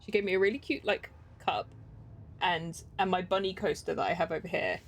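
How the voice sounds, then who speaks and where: A woman's voice: lowish voice, fairly even intonation, a little fast, creaky. A young English woman streaming a game, chatting casually, rambling and giggling between thoughts. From England. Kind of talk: casual live-stream chat.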